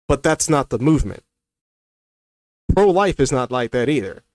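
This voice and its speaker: A commentary creator rants to camera in a heated, argumentative way, often repeating himself while rebutting a critic. His voice is on the high side and a little mellow, and the recording is dry.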